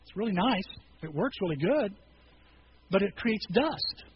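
A man preaching a sermon in a casual, animated way, acting out scripture scenes in quoted voices. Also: sits high, measured pace. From rural farm upbringing. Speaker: pastor. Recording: slightly dull recording with faint noise.

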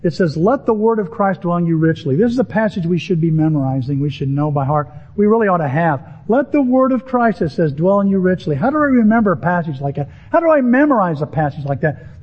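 A pastor preaching a sermon to his congregation in an animated, emphatic way, lifting his voice on key words. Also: high voice, breathy edge. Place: church sanctuary with a congregation. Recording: dull, lo-fi sermon audio.

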